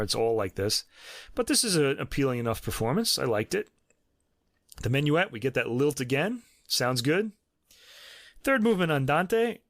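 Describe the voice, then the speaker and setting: Podcast host, man in his fifties, New York accent, mid-pitched, rambling and hesitant, dry close sound. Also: fairly bright tone, no room sound. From New York City. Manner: chatty, hesitant with many ums and restarts, laughs often. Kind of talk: casual music review chat.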